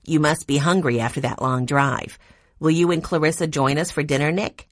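A woman's voice: low-pitched, fairly even intonation, normal speed, no room sound, clean studio sound. A woman voicing a welcoming white-haired older hostess.

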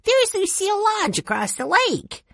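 Lady doing a tiny hungry kid for a storybook, super high and sparkly, voice jumps all over the place. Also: measured pace, dry recording, studio quality, heavily acted. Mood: excited. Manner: high, bouncy, excited. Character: hungry young boy, eager and excitable.

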